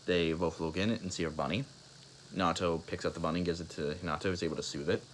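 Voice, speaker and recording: A young man improvising a spoken fan story, halting and rambling, with many restarts and fillers. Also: deep voice, fairly even intonation, a little hiss or hum, low-quality recording.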